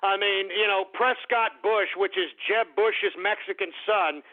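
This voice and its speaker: Combative male radio host, high voice, narrow tinny sound. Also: steady tone, unhurried. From Texas. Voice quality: combative, ranting, calls listeners "boy". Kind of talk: ranting talk radio. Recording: tinny phone-like audio.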